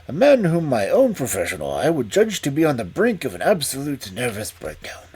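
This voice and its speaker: A man reading a detective story aloud as a storyteller, in an expressive manner. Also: medium pitch, a little fast, breathy edge.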